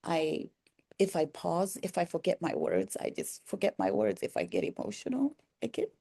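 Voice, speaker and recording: A woman talking to camera in a personal, reflective vlog, earnest and soft-spoken, often pausing and restarting her sentences. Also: lowish voice, huge pitch swings, vocal fry, breathy edge. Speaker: vlogger.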